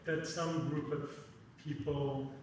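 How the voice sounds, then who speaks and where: Halting man lecturing in an echoey room. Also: on the high side, flat delivery, slight background noise. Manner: halting, repeats words, many ums and "right?" tags. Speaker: teach-in speaker. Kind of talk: lecture with frequent fillers. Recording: echoey room, mic far off.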